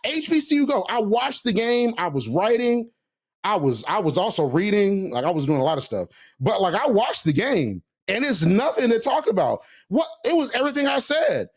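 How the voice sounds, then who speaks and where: A man's voice: high voice, sing-song, normal speed, husky. A young man co-hosting a sports podcast in casual chat. He laughs often and reads out quotes in a mocking tone. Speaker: podcast co-host.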